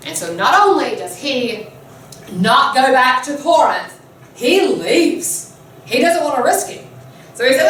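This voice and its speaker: A woman teacher telling a myth in a chatty, animated way, with a slightly high voice. She sounds like she's in a very echoey classroom, picked up from a distance, with faint room noise behind her. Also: a little slow. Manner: animated, chatty, laughs often. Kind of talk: classroom storytelling lesson. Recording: echoey room, mic far off.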